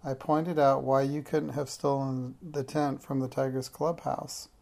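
A storyteller reading a calm, clever boy detective from a children's book in an even, unhurried way. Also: medium pitch, creaky.

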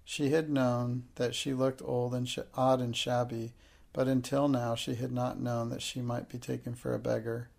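A man reads a children's novel aloud in a steady, measured way. His voice is gravelly and his delivery stays level, with little rise and fall. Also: medium pitch. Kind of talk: audiobook narration.

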